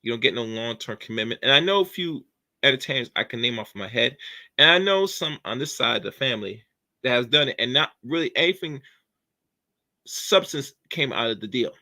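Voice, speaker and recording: A man's voice: medium pitch, animated, a little fast, pushed and bright. A man hosting a casual opinion commentary, rambling and preachy, with many fillers. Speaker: commentary channel host.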